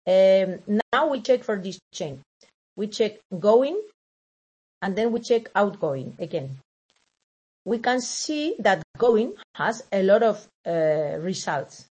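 Slow, hesitant woman lecturing. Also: medium pitch, very animated, darkish tone, breathy edge. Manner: hesitant, many fillers and self-corrections. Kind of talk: recorded lecture over slides.

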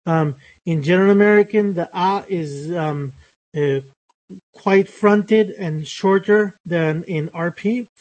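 A man's voice: high voice, takes it slowly, darkish tone. Hesitant male phonetics teacher. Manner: hesitant, many fillers and restarts. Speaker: pronunciation teacher. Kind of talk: live phonetics lesson.

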